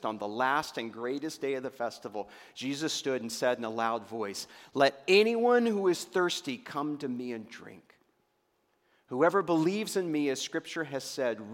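A man preaching a sermon, his delivery swelling to fervent emphasis and then dropping to hushed, near-whispered lines. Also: medium pitch. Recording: long reverb of a large hall.

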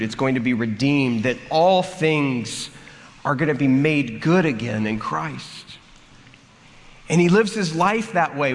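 A man preaching a sermon, telling a funny story in an animated way and acting out the characters. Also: mid-range voice. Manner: animated, acts out the story with comic voices. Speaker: pastor. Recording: long hall reverb, faint room noise.

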